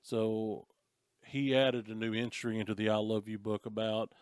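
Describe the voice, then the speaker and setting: A man with a lowish voice walks through a movie's story on a casual podcast, getting animated as he goes. The recording is dry and close, with no room sound around him. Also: moderate pace, clean tone, no echo. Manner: animated retelling of a movie plot, slips into voices of characters. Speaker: podcast co-host. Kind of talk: casual chat.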